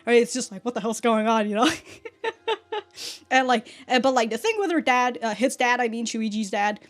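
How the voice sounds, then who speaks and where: A woman hosting a casual anime reaction, excitable and profane, often laughing. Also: a little high, moderate pace.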